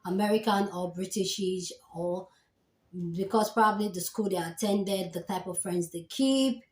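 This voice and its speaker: A woman with a Nigerian accent, hosting a reaction video and calmly explaining her view in casual commentary. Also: medium pitch, normal speed, echoey room. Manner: calm, explanatory, thinking aloud.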